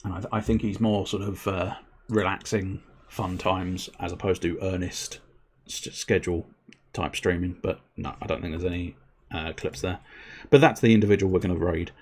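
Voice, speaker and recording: A man's voice: sits low, fairly even intonation, normal speed, a little hiss or hum. A young man chatting casually to his stream audience, rambling, self-deprecating and swearing now and then. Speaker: livestreamer.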